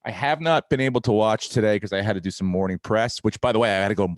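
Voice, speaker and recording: Middle aged guy hosting a podcast, ranting a funny story, swears a lot, bit low voice, dry close sound. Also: quick pace, dry recording. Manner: profane, animated, acts out dialogue. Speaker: podcast host. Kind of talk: casual comedic storytelling.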